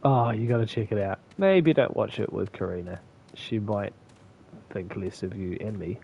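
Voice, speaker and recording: A man from New with a slight lisp mumbles and laughs his way through casual, profane commentary while streaming a game live. His voice is fairly low, creaky, husky and darkish at a moderate pace, with the highs cut off.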